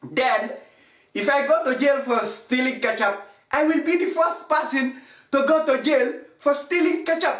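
A man's voice: very high voice, measured pace, fairly bright tone. Man, comedy vlog monologue, rambling, broken English, echoey room. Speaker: comedy vlogger.

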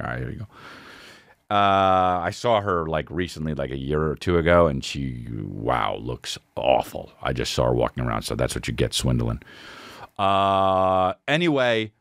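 Animated, profane male podcast host. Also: low voice, dry recording, studio quality. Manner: animated, profane, laughing storyteller. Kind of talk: casual storytelling chat.

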